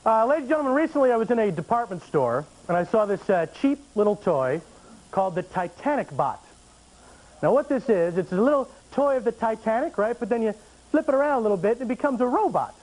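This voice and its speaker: A man doing a stand-up comedy set on a TV studio stage, animated with deadpan asides and frequent fillers. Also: high-pitched, quick pace, low-quality recording. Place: TV studio stage before an audience.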